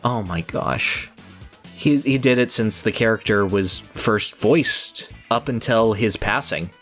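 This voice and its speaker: A podcast co-host in casual chat, gushing about a cartoon with excited bursts and frequent laughter. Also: medium pitch, slow pace, faint music behind.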